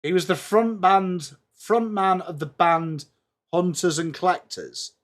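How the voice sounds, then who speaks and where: Young English man, live stream host, unhurried, chatty, self-mocking, fairly high voice. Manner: chatty, self-mocking, reads aloud to chat. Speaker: livestream host. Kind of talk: live watchalong chat.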